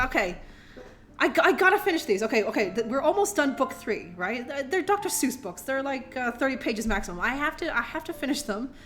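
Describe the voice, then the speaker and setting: A woman's voice: sits high, a bit bright. A woman streamer chatting to her viewers and reading a children's book aloud, rambling and laughing often, with playful swearing, a little tipsy. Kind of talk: casual live-stream chat and reading aloud.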